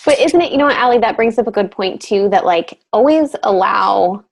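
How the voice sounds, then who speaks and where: A woman's voice: medium pitch, animated, a little fast, vocal fry, a little hiss or hum, rough recording. A woman coaching her team on a casual group video call, upbeat and gushing, with lots of "like" and "you know". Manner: gushing, upbeat, filler-heavy.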